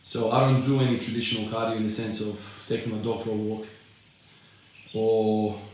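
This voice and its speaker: A young man fires off fast talk in a fairly low, fairly even voice while resting between heavy lifts in his garage, breathless and relaxed, cursing as he rambles. The fitness vlogger responds to live comments, and the distant mic captures the garage's heavy echo.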